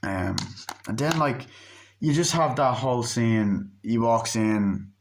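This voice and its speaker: A man's voice: mid-range voice, expressive, slow pace, a little hiss or hum. A man giving a casual, rambling film review, swearing freely and losing his train of thought. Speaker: movie reviewer.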